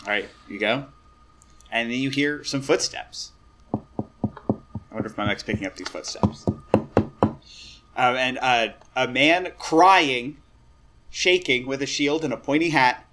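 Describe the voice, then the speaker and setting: A man's voice: medium pitch, unhurried, pauses often, pushed and bright, a little hiss or hum. Man narrating a tabletop game. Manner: casual, rambling narration. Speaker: game master.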